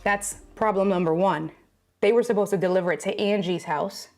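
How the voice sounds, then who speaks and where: A woman's voice: mid-range voice, a little fast, darkish tone, soft background music. A woman live streaming, chatting casually to her viewers and reading their comments. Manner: chatty, talks straight to viewers and reads chat. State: out of breath.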